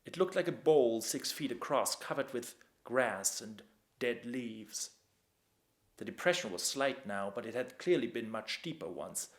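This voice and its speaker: A man reading his own dark story aloud, measured, dropping to a hush at tense moments. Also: mid-range voice, expressive. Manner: measured, with sudden hushed drops. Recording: echoey room.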